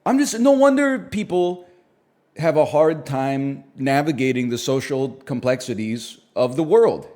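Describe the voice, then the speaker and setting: A man's voice: mid-range voice, lively intonation, measured pace, dark tone. A man streaming, chatting casually and riffing wryly on his own jokes with mock-serious asides. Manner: rambling, wry, mock-serious bits.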